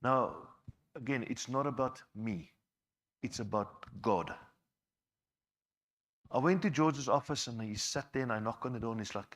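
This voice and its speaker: A man's voice: mid-range voice, a little slow, long pauses, fairly bright tone. A man giving a personal testimony to a church, conversational and repeating words as he goes. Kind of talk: personal testimony told to a congregation.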